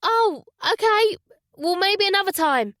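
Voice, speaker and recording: A woman voicing a warm, lively aunt in an audiobook. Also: high voice, a little slow, no room sound, clean studio sound, voice pushed up. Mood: cheerful.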